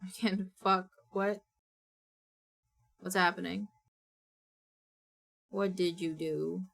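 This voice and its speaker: A woman's voice: lowish voice, steady tone, extremely slow, creaky. A young woman chatting casually and playfully on a live stream while she draws, talking to her viewers. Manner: playful and chatty, talks to chat and to her characters.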